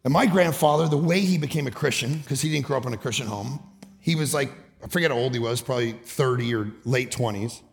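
A man from Canada preaching a sermon, moving between hushed storytelling and loud shouting, with a gravelly voice. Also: medium pitch, fast. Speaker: pastor. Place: church auditorium. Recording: long reverb of a large hall.

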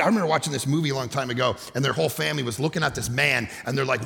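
A middle-aged male pastor preaching a sermon, telling animated stories and often shouting for emphasis. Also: on the high side, fast, vocal fry, few pauses. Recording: long hall reverb.

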